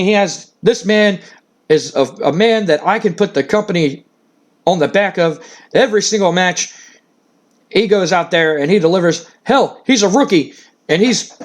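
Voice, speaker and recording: A man voicing a bossy older company owner, blustery and pushy, with little change from his own voice. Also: high voice.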